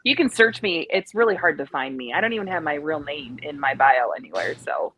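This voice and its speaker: Calm matter-of-fact woman, low voice. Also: fairly quick, slight background noise, poor audio. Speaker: nurse. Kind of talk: casual group chat.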